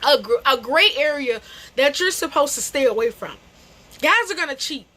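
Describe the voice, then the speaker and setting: A woman's voice: high voice, animated, normal speed, sharp tone. A young adult woman telling a storytime to camera, emphatic and slangy, repeating phrases and calling people bro. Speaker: vlogger. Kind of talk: animated storytime.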